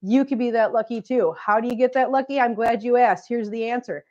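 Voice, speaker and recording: Breathless woman host with a dark voice. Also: on the high side, fairly quick, lo-fi sound. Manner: chatty, teasing, laughs often, reads out viewer comments. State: short of breath, chest congestion. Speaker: cat channel livestream host. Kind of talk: casual livestream chat. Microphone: close mic, breathing audible.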